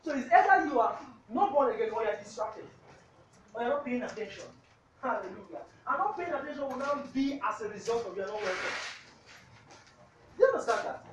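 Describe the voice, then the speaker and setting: Reading scripture in a fairly quick, sing-song mid-range voice, this preacher punctuates almost every point with hallelujah and keeps asking the congregation questions. There's slight background noise, and the voice comes from a distance in an echoey room.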